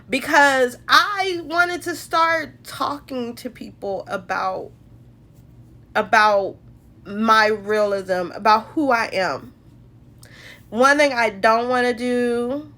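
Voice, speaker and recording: A woman hosts a livestream from her phone, speaking with deep emotion about her faith and addressing her viewers as y'all. Her voice is slightly high with a sharp edge, and at moments she is close to tears.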